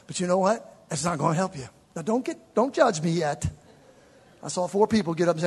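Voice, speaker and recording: A man preaching a sermon to a live congregation in a church, swinging from shouted peaks to low, conversational asides and joking with the listeners. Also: sing-song, fast, husky. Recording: long hall reverb.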